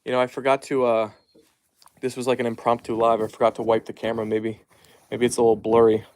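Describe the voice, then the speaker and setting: A man casually chatting on a live stream at home, reading viewer comments aloud and softly hushing his dogs. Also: mid-range voice, monotone, quick pace. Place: at home, down in the basement.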